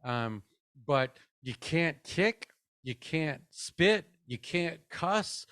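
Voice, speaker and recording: A man's voice: on the high side, expressive, extremely slow, a bit bright, no echo, clean studio sound. A middle-aged man giving a conversational parenting webinar, casual and upbeat, often tossing in "man".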